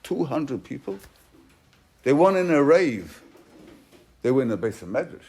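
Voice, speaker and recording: A man's voice: mid-range voice, big pitch swings, moderate pace, vocal fry, slightly rough. A man giving a Torah class as a rabbi, telling a story in an emphatic way and mixing Hebrew and Yiddish terms into his English. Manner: emphatic, swings between loud and soft. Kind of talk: sermon.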